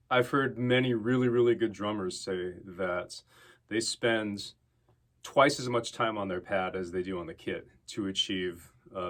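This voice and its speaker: A man giving casual, relaxed drum lessons to his students, talking conversationally with plenty of fillers. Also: low-pitched. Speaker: drum teacher. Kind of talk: casual instructional talk to students.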